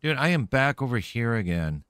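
A man's voice: medium pitch, big pitch swings, normal speed, a bit bright, clean tone, no room sound. A man streaming a video game, playfully talking to himself and taunting the enemies he meets, a little caffeinated. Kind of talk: let's-play gameplay commentary.

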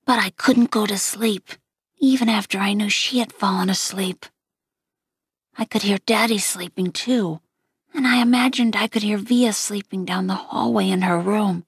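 Slow, husky woman reading a novel quietly. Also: mid-range voice, dry recording, clean studio sound. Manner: quiet, gentle, often near a whisper. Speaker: audiobook reader. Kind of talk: first-person novel reading.

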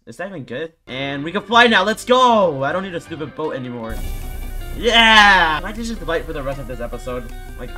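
A man giving excitable, chatty gameplay commentary and teasing other players in a playful way. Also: a little high. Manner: excitable, chatty, playful mock trash talk. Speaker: gaming YouTuber.

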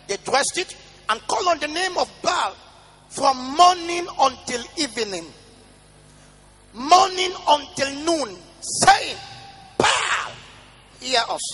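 A male pastor preaching a sermon, reading scripture in a sing-song chant and breaking into shouted declarations. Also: very high-pitched, lively intonation, takes it slowly. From Nigeria. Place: large church hall. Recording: reverberant church hall with music behind.

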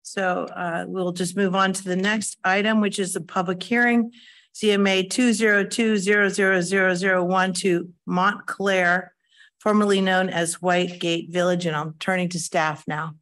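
A woman chairing a county planning commission meeting, moving through the agenda in a relaxed, slightly halting way. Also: on the low side.

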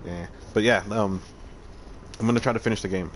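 A man's voice: lowish voice, fairly quick, a little hiss or hum. A man live-streaming a game, chatting casually with viewers, swearing freely and talking to himself as he plays. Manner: chatty, profane, talks to chat while playing. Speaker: streamer playing a game and reading chat.

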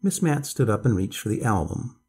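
Man, storyteller, bedtime story narration, husky, lively melodic delivery. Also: lowish voice, fairly quick.

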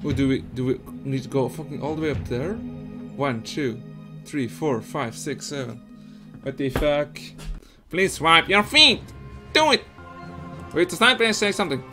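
A young Belgian man with a high, lively voice, Dutch his first language, narrating a puzzle game as he plays. He swings between muttering and shrieking, cursing often and laughing at his own mishaps. Faint game music sits under his voice. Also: unhurried. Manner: excitable, swears a lot, laughs often. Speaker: gaming streamer. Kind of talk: let's play commentary.

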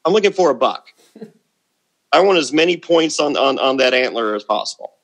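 A middle-aged man chatting as an interview guest, brash and cocky, rambling through his stories. His pitch sits in an ordinary male middle range as he stumbles over restarts and piles up asides. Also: lively intonation, a little fast, a bit bright. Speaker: guest, former reality show contestant. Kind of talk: casual interview chat.

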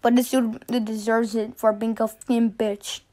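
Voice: mid-range voice, little pitch movement, measured pace, warm tone. A reaction video host giving casual commentary, stammering and swearing in exasperation.

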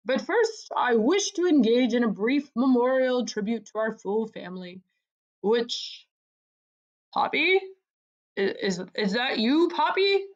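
A woman's voice: fairly high pitch, expressive, a little slow, darkish tone. A woman voicing a pompous, fussy old male mouse in a storybook, speechifying and stammering, on a dull lo-fi recording.

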